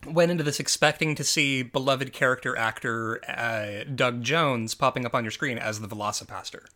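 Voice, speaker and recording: A man's voice: mid-range voice, normal speed, pushed and bright. A man co-hosting a podcast, talking casually about movies in a rambling way, with lots of fillers and restarts. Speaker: podcast co-host.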